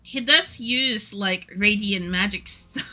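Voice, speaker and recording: A woman's voice: mid-range voice, big pitch swings, slow pace, bright, forceful tone. A Norwegian-speaking woman streaming casually, rambling and giggling often while chatting to viewers. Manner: giggly, rambling, self-deprecating.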